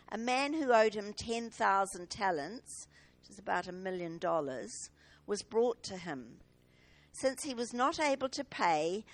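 A woman reading scripture aloud at a church service, measured and expressive. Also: fairly high pitch, no room sound. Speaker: scripture reader. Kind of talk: liturgical Bible reading.

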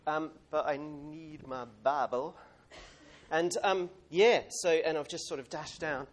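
A man's voice: a little high, fairly even intonation, unhurried. A man giving an informal sermon in a church, chatty and rambling, with plenty of fillers and light laughs. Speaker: preacher.

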